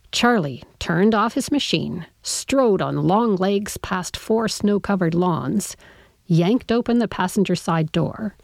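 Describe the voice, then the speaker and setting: A woman's voice: on the low side, gravelly, a little mellow, no echo. A woman reading her own first-person story aloud in a wry, conversational way, sometimes dropping to a whisper.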